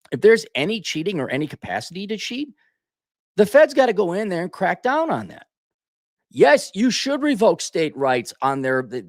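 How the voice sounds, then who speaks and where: A man's voice: mid-range voice, no room sound, studio quality. A man from Minnesota delivering an opinionated solo commentary, ranting and often correcting himself mid-sentence. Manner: opinionated, ranting, with frequent self-corrections and asides. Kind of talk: opinion monologue.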